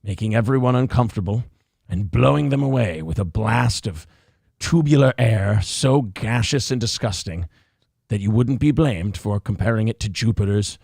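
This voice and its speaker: A man voicing a solemn male wildlife documentary narrator in a mock nature documentary, speaking slowly and gravely. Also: fairly low pitch, darkish tone, no room sound, clean studio sound, pitched below the performer's own voice. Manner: slow, grave documentary delivery.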